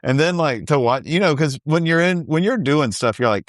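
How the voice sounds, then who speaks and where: A man's voice: on the high side, expressive, brisk, few pauses, no room sound, studio quality. A man co-hosting a casual podcast, chatting about a reality show in an easygoing way. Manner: easygoing, laughs along. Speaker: podcast co-host. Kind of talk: casual recap chat.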